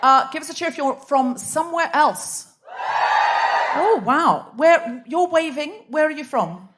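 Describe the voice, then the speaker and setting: High-voiced woman hosting a live comedy show. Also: animated, a little slow, a bit bright, a faint crowd. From Australia. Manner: playful, teasing audience banter. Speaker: host. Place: theatre stage before live audience. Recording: noisy live theatre recording.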